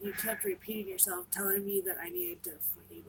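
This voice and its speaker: A woman's voice: medium pitch, big pitch swings, brisk, creaky. A woman talking casually at home, often half-whispering her remarks. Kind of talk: casual conversation. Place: apartment indoors. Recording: noisy room ambience.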